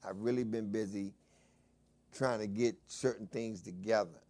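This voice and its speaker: A man from Washington DC hosting his own talk show, shouting hype calls at times but mostly chatting in a relaxed, low-key way. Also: moderate pace. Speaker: host. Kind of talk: casual talk show monologue.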